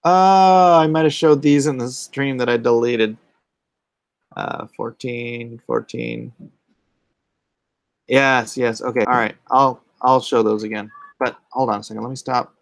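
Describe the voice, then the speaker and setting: Gravelly guy streaming, reads chat out loud and answers casually, mutters to himself a lot, dry close sound. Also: medium pitch, steady tone, a little slow, no room sound. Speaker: comic artist hosting a livestream.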